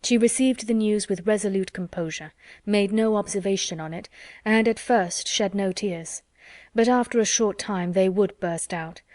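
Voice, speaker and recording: Woman narrator, classic novel audiobook, measured delivery, close dry sound. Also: medium pitch, no echo. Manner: measured, even storytelling.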